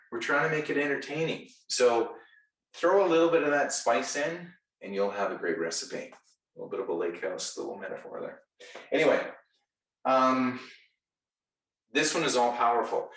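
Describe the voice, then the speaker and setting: A man giving an energetic retail sales training talk, enthusiastic, playful and direct with his audience. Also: mid-range voice, far from the mic. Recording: echoey room, voice set back.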